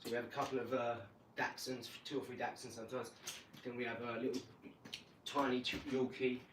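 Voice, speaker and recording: A man's voice: medium pitch, a little fast, distant mic. Chatty man in an echoey room. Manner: chatty, animated when acting out scenes. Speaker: vlogger. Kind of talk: casual rambling storytelling. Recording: echoey room, voice off-mic, noisy.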